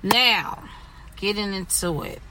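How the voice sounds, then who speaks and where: A woman hosting a casual podcast chat, talking in an animated way with lots of fillers and restarts. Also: mid-range voice, background noise. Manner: animated, halting with many fillers. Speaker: podcast host.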